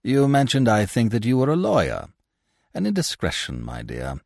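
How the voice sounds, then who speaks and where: A man's voice: medium pitch, huge pitch swings, normal speed, vocal fry, darkish tone, dry recording, studio quality, pitched above the performer's own voice, heavily acted. A man voicing a heavy, sly, leering middle-aged theatre manager who talks in a bluff, wheedling way.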